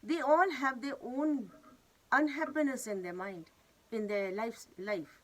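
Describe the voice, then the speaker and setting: A woman telling a moral fable in an earnest, gently instructive way. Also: on the high side, measured pace, rough recording. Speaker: storyteller of wisdom talks. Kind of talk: moral storytelling.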